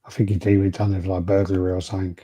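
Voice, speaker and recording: A man co-hosting a podcast in halting, sweary casual chat. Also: deep voice, little pitch movement, dark tone, no room sound. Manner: rambling, halting, swears, laughs often. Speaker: podcast co-host.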